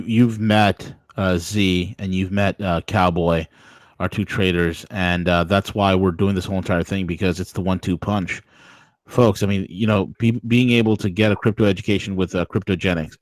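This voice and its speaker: A man's voice: low-pitched, dry recording. A man hosting an interview, laid-back and agreeable, speaking casually with slang. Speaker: show host.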